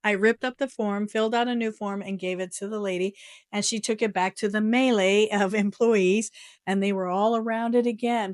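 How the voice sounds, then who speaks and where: A woman's voice: medium pitch, steady tone, normal speed, no echo. Middle-aged american lady vlogging, exasperated story, laughs a lot, dry close sound. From United States. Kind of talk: casual vlog storytelling. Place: her home in Japan.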